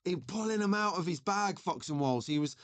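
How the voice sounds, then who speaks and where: A man's voice: high-pitched, expressive, a little fast. A man in his forties hosting a live stream, chatting in a rambling way and reading out viewer messages. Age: 40s. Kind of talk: casual live-stream chat.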